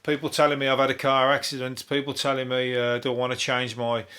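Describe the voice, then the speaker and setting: A man's voice: mid-range voice, monotone, brisk, pushed and bright, clear, resonant tone. A man, a comedian hosting a solo news review podcast, talking in a rambling, heavily sweary way and laughing at his own jokes. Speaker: podcast host.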